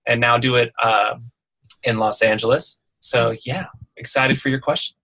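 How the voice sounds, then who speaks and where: A man who is a composer and audio engineer, introducing himself in a relaxed, brief way on a webinar. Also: medium pitch, moderate pace, poor audio.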